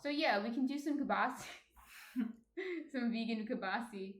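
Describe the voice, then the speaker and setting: A woman's voice: fairly high pitch, moderate pace, a little hiss or hum. A woman with a New Jersey accent, chatting casually on a baking stream and reading viewer comments aloud. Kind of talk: casual chat while baking. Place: home kitchen. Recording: echoey room.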